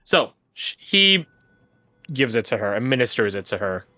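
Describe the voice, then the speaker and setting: Guy running a tabletop game, casual and laughing, bright voice, lively. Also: medium pitch, normal speed, no room sound. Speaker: game master.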